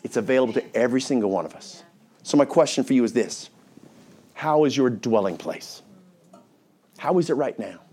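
A man's voice: mid-range voice, animated, moderate pace, long pauses, warm tone, slightly rough. Male pastor preaching, engaging the congregation with repeated questions and answers. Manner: rhetorical questions, call-and-response with congregation. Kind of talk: sermon. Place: church.

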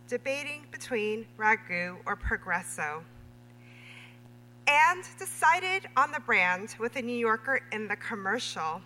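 A woman reading her own memoir prose aloud at a literary reading, measured and deliberate. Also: on the high side, sharp tone. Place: reading event in a hall. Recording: reverberant hall with faint hum.

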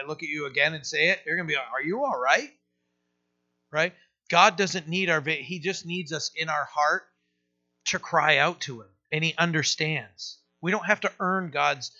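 A man's voice: fairly high pitch, pushed and bright, dull audio. A male pastor teaching a sermon in a conversational way, full of rhetorical asides and restarts.

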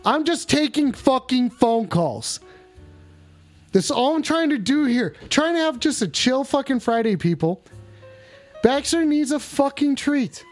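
A man hosting a livestream call-in show, talking to his chat in a rambling, exasperated, profane way, stretching some lines out and rushing others. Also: extremely high pitch, big pitch swings, soft background music. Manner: profane, exasperated, scolding viewers; drawn-out emphatic lines mixed with quick asides. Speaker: livestream host taking call-ins.

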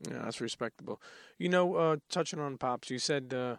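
A man hosting a podcast interview, earnest and halting, restarting his sentences. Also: medium pitch, no room sound, clean studio sound. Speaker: podcast host. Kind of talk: casual interview.

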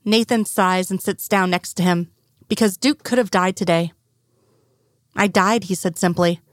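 A woman narrating a fan fiction story in a steady, even storytelling manner. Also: on the low side, normal speed, dry recording, clean studio sound. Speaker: audiobook narrator.

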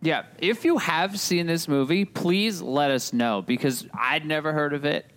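A man's voice: a little high, unhurried, a bit bright. A man hosting a casual podcast, joking and rambling in a self-deprecating way. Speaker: podcast host.

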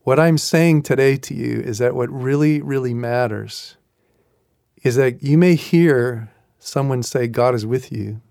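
Earnest, gravelly man teaching devotion. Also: mid-range voice, a little slow, a little mellow, dry recording, studio quality. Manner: earnest, reflective, repeats key phrases. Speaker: podcast host and Christian teacher.

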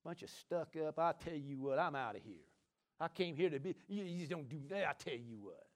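A man preaching acts out an offended mother who is fed up and grumbling, in a lower, quieter voice. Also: lively intonation, normal speed. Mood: indignant.

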